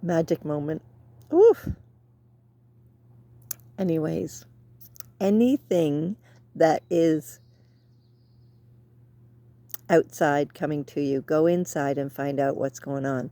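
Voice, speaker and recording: A middle-aged woman talking casually outdoors, reflecting in a rambling, soft way. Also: deep voice, normal speed, few pauses. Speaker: vlogger.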